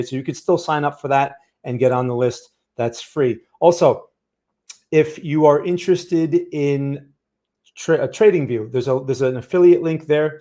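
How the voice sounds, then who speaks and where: A man's voice: medium pitch, dark tone. A man hosting a casual livestream about trading, chatting loosely and greeting viewers by name. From New York. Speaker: trading stream host. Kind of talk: casual livestream market talk.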